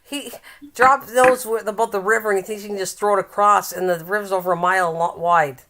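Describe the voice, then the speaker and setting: An older woman chats casually on a home live stream. She teases her viewers and laughs a lot, in a middle-pitched voice. When she reads aloud, she slows down and stumbles over words. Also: fairly even intonation, crowd noise. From Canada. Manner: chatty and teasing, laughs often, reads aloud haltingly.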